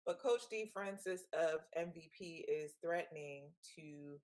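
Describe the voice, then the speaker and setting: A woman's voice: sits low, unhurried, a little mellow. A woman co-hosting a casual sports chat, playful and gossipy, laughing often. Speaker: co-host.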